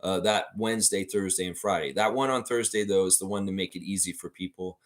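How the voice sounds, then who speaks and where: With a low-pitched voice and a slightly quick delivery, a man hosts a fan livestream where he rants, swears casually, reads out viewer comments, and speaks directly to the people watching, all with a lot of animation.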